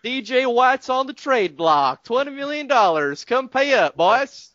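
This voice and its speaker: A man voicing a folksy southern good-ol'-boy in a slow, exaggerated put-on drawl. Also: extremely high pitch, sing-song, a bit bright, no echo, muffled recording, voice pushed up, full character voice. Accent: American Southern (put on).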